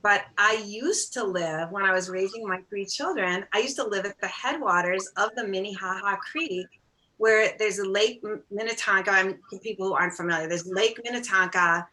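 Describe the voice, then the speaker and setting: A middle-aged woman, a singer-songwriter guest, telling stories in a casual interview in an animated, self-deprecating way, acting out bits of dialogue. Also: mid-range voice, moderate pace, poor audio. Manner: animated, acts out quoted dialogue.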